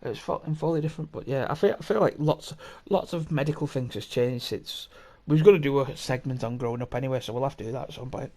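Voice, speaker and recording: A man's voice: mid-range voice, fast talker, few pauses, a little mellow. A young man hosting a podcast, telling a story in a rambling, sweary way with plenty of laughs and restarts. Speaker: podcast host. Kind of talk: casual storytelling chat.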